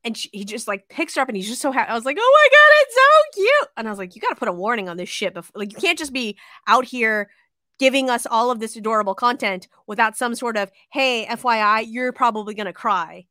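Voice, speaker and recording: A woman co-hosts a casual sports podcast. She talks in a high, bright voice, and her excitement spills into gushing and plenty of swearing. The sound is dry and close. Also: quick pace, no room sound. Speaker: podcast co-host.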